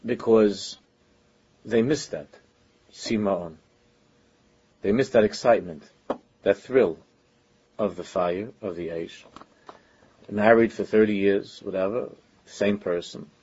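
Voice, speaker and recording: A man with a husky, somewhat low voice delivers an informal Torah lecture, speaking earnestly in a loose, conversational way. He often pauses and restarts his sentences as he works through his point. The recording sounds dull and lo-fi. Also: a little mellow. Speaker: religious teacher.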